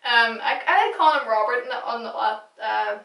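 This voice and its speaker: A woman's voice: fairly high pitch, fairly quick, vocal fry, pushed and bright, slight background noise. Chatty young woman in an echoey room. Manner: gushing, chatty, swears casually. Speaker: recap vlogger. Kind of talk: casual fan recap monologue. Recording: echoey room, distant mic.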